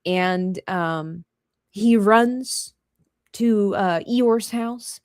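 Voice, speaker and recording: A podcast co-host, a woman, animatedly retells a storybook tale in casual chat, acting out the lines and laughing as she goes. Her medium-pitched voice draws out words, recorded with studio quality and no room sound.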